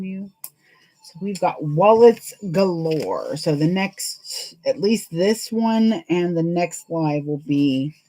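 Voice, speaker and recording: A woman's voice: sits low, dark tone, rough recording. Chatty woman hosting a sewing livestream. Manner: chatty and rambling, laughing often. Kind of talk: casual chat while sewing live.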